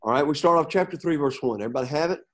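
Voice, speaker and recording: A man teaching a Bible class to students, pausing often, repeating words and checking in with "okay?". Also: on the high side, animated, a bit bright. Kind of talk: classroom lecture with questions to students.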